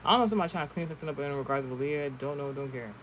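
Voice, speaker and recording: A man's voice: medium pitch, rapid-fire, fairly bright tone, slight background noise, poor audio. A man telling a story in casual, rambling talk, swearing often and restarting his sentences, as an online streamer. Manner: rambling, profane, many restarts. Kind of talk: casual storytelling and card reading.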